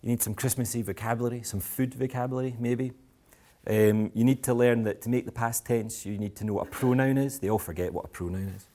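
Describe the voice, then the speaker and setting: A man's voice: medium pitch, steady tone, fast, dark tone. A Scottish man giving a talk to school parents in a playful, provocative, self-mocking way. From Scotland. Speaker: education speaker. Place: school event with live audience.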